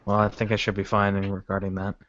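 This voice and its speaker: A man with a lowish voice talks hesitantly at a tabletop game, often restarting his sentences. The recording is dull and lo-fi. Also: monotone, quick pace, a bit bright. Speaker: player. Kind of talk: casual tabletop role-play.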